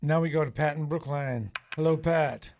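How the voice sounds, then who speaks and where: A man hosting a call-in radio show, asking quick, jokey questions. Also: a little high, a little mellow. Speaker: radio host.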